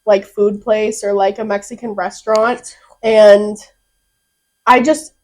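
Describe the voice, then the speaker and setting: A woman's voice: mid-range voice, slow pace. A young woman co-hosting a podcast, chatting casually, swearing a lot and laughing through her stories. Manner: profane, giggly, animated storyteller. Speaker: podcast co-host. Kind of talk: casual chat.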